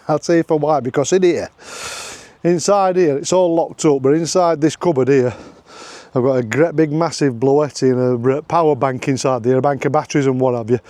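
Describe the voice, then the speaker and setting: Outdoors at a campsite, a middle-aged vlogger from Yorkshire, England, films himself on a handheld phone for a laid-back travel vlog. His voice is mid-pitched and dark, fairly quick, with no room sound, and he's jokey and talkative, laughing a lot and saying the same phrases over again.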